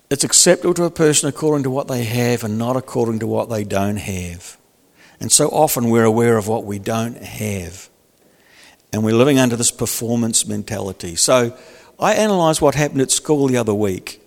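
Guy preaching casual-like, gravelly voice, long echo like a big church hall. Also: medium pitch, darkish tone. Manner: conversational preaching with jokes and acted-out quotes. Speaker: pastor. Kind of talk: sermon.

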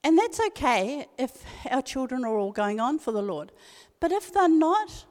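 Older New woman, slightly high voice, earnest emphatic church talk, long hall reverb. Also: big pitch swings, moderate pace, a little mellow. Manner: earnest, emphatic, repeats key phrases. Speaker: speaker at a women's church meeting. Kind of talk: devotional talk with personal story.

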